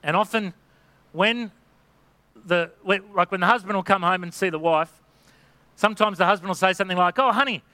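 A man's voice: high-pitched, steady tone, brisk, long pauses, bright, forceful tone, clean tone, dry recording. A middle-aged man preaching a sermon in an earnest, exhorting way, now and then acting out the voices of people in his examples. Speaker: pastor.

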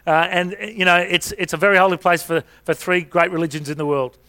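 A man's voice: high-pitched, steady tone, brisk, bright, forceful tone. A middle-aged man preaching a sermon, telling stories in a chatty way with rhetorical questions. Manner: conversational storytelling with rhetorical questions.

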